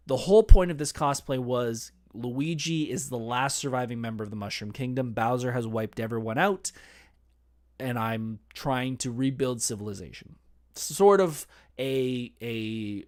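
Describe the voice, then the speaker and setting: Guy doing a nerdy podcast, animated storytelling, laughs at himself a lot. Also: medium pitch. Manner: animated, chatty, self-deprecating. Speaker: podcast host. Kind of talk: casual storytelling monologue.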